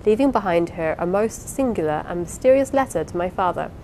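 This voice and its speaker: A woman reading the part of a lively, affectionate young wife in an audiobook, eager and playful. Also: lowish voice, brisk, a little hiss or hum, lightly acted, low-quality recording. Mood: earnest.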